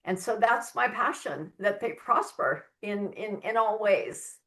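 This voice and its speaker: A woman's voice: mid-range voice, animated, a little slow, fairly bright tone. A woman guest on a faith-based podcast, an author and mentor sharing her testimony in an earnest, heartfelt way with emphatic stresses.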